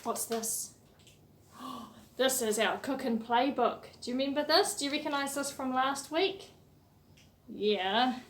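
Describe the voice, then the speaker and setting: A woman who leads a children's music session online, reading a picture book aloud in a sing-song, animated way, with gasps and questions for the little ones. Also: sits high, unhurried, slight background noise. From New Zealand.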